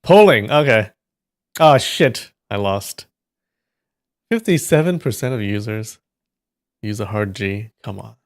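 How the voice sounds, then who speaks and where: Low-voiced man bantering with chat. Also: expressive, measured pace, long pauses, dry recording, clean studio sound. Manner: joking, teasing banter with frequent laughs. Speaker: live stream host. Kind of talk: casual chat with stream viewers.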